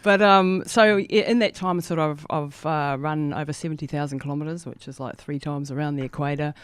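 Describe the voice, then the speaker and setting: A woman's voice: low voice, fairly even intonation, a little fast, clear, resonant tone, no echo. A woman in her fifties, a guest in a studio interview, talking in a laid-back, easygoing way with casual slang and frequent laughs. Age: 50s. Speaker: guest, ultramarathon runner.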